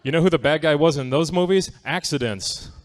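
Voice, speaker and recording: A man with a fairly high voice performs a stand-up comedy set on a theatre stage, talking fairly quickly. His delivery is loose, wry, and conversational, and he keeps checking in with the crowd by asking "right?".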